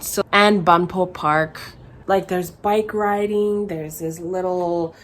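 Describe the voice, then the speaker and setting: A young woman from Hawaii, a vlogger answering viewer questions in a chatty, animated way, acting out quotes as she tells stories. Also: medium pitch. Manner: chatty, animated, acts out quotes in other voices. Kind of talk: casual storytelling Q&A.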